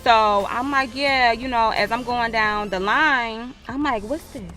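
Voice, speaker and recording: A woman's voice: fairly high pitch, measured pace, bright, forceful tone, faint music behind. A woman vlogger, telling a storytime with profanity and acted-out quotes. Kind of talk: storytime vlog.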